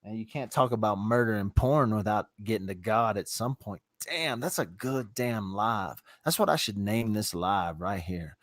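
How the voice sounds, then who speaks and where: A man's voice: fairly low pitch, animated, moderate pace, few pauses, dry recording. A middle-aged man hosting a casual live stream from his phone, rambling loosely and swearing freely as he talks with callers. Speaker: livestream host taking callers.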